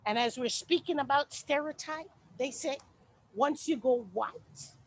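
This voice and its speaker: An actress performing a stage monologue as a sassy, outspoken woman with mocking, expressive shifts of tone. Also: high voice, measured pace. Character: sassy, outspoken grown woman airing grievances. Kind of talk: theatrical monologue.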